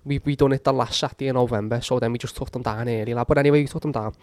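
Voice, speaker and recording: A young man telling a story in casual chat among friends, swearing and acting out shouts. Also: mid-range voice, very fast, no echo, clean studio sound. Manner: animated storytelling, swears a lot, acts out shouts.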